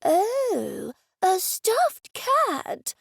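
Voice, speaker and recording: Woman doing a doddering, deaf old man: slow, shaky, with a gravelly edge. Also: high voice, big pitch swings, a little mellow, dry recording, clean studio sound, pitched above the performer's own voice, heavily acted.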